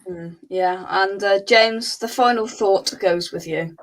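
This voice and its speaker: A woman's voice: medium pitch, slow pace, low-quality recording. A woman hosting a live football fan show, chatting casually and reading out viewer comments with plenty of filler words.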